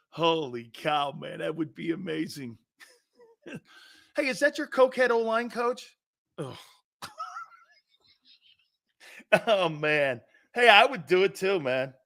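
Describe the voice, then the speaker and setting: A man hosting a sports talk show, telling stories loudly and laughing often between lines. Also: a little high, very animated, slow, creaky, pauses often. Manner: loud, laughing, storytelling.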